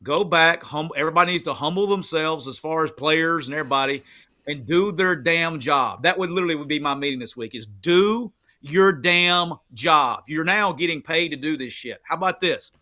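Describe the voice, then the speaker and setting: A man gives a blunt, profane rant in the voice of a locker-room coach. His voice sits a bit high and hits hard and forcefully. He barks orders at the players. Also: normal speed. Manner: fiery, profane rant full of coach-style commands. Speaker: former player turned analyst. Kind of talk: postgame show chat.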